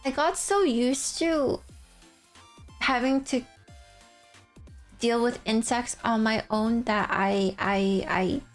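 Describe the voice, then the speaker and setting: A young woman with a high, bright voice rambles through a casual livestream chat. She giggles often and tells stories with animated bursts, while soft music plays faintly behind her. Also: takes it slowly, long pauses.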